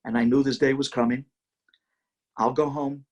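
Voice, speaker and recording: Man playing a gentle, devoted blind husband. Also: mid-range voice, level tone, normal speed, dull audio, close to an everyday voice. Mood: tender. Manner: earnest, tender.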